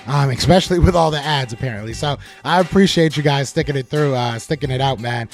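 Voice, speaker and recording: A fairly high-pitched man hosts a live sports podcast, reading chat comments aloud and firing back with animated trash talk.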